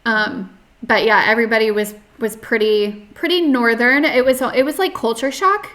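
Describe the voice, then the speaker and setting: Brief: young woman guest, rambly, restarting talk, slightly high voice. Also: normal speed, fairly bright tone. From North Carolina. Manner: chatty, many fillers and restarts, frequent "like". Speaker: podcast guest. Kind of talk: casual interview, personal story.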